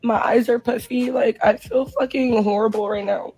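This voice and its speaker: A young woman performer, crying and hoarse, ranting profanely and in distress straight at her livestream viewers. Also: a little high, steady tone, normal speed, a little mellow, faint music behind, low-quality recording. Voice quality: husky. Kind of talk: emotional livestream rant.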